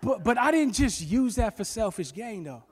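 A man preaching a sermon, telling stories in an animated way with bursts of shouting. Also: high-pitched, normal speed, breathy edge. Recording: long reverb with faint music.

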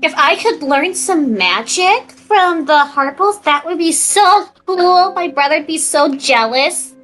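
Brief: woman voicing an innocent young magic hopeful in a tabletop game, very high and girlish. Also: animated, slow, fairly bright tone, soft background music, full character voice. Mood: eager. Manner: wide-eyed and girlish, with a shifting put-on accent. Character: eager, innocent young woman who wants to learn magic.

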